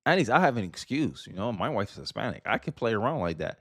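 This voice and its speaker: A man talking straight to camera in a blunt, opinionated rant, pitched right in the middle for a man. The sound is dry and close, with no room around it. He reacts to clips in a loose, conversational way. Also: big pitch swings, a little fast, hardly any pauses, no echo. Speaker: political commentator. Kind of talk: casual video commentary.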